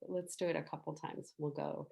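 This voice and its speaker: A middle-aged woman gives a gentle meditation teaching in a low voice. She talks slowly and softly and invites listeners to voice the sounds along with her.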